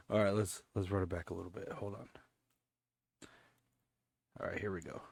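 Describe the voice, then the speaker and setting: A man's voice: sits low, little pitch movement, measured pace, gravelly, a little mellow, breathy edge, no room sound. A laid-back man hosting a casual reaction video, often repeating himself and chuckling. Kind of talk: casual chat.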